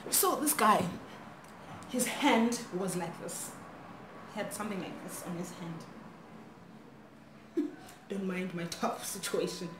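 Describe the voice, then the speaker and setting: A young woman telling an animated storytime on her phone, switching languages mid-sentence. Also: medium pitch, slow, long pauses. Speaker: vlogger. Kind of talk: storytime vlog. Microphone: phone camera. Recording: echoey room, faint noise.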